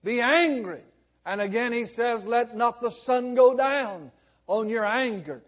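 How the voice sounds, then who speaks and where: A man preaching a sermon as pastor, slow and dramatic, his voice swelling loud and then dropping almost to a hush. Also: very high voice, animated.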